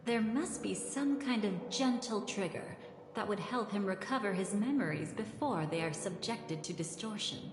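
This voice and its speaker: An actress playing an enigmatic, teasing woman who speaks in a smooth, measured, mysterious way, recorded as game voice acting. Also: mid-range voice, noisy background, natural voice. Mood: cryptic. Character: enigmatic, teasing woman with a cryptic, knowing air. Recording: reverberant game audio with music.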